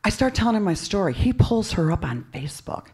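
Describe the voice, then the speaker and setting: A woman's voice: medium pitch, big pitch swings, fairly quick, a little mellow, breathy edge. A woman in her fifties telling a self-mocking comic story live on stage, in a conversational way.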